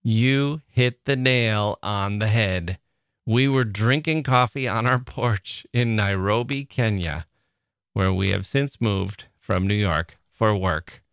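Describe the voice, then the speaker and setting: Chatty male podcast host, low voice. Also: slow pace, clean tone, no echo, clean studio sound. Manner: chatty and playful, often laughing; emotional, excitable. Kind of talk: reading listener mail aloud, casual monologue.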